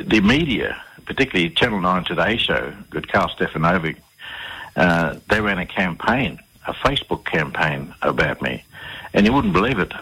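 An Australian man speaks as a radio interview guest in a low, husky voice with a bright, forceful edge. He tells his story casually but haltingly, filling it with ums and repeating words as he restarts his sentences. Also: poor audio.

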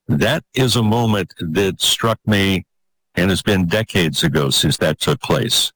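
An older man telling a personal story in an interview, earnest and halting, repeating words as he gathers his thoughts. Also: sits low, fairly bright tone, dry recording, poor audio.

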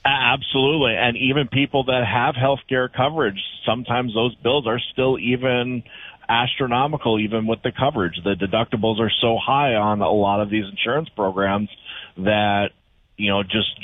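A male caller comes through on a tinny, narrow phone line. His voice sits on the low side and sounds dry and close. He agrees with the host firmly and with emphasis. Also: fairly even intonation, moderate pace, dry recording. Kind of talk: call-in radio talk. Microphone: telephone.

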